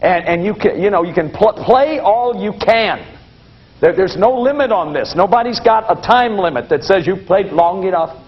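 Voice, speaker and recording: Folksy high-voiced man lecturing, lo-fi. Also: lively intonation, moderate pace, slight background noise. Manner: folksy, anecdotal, with self-deprecating humor. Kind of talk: televised lecture to an audience. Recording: dull lo-fi broadcast recording.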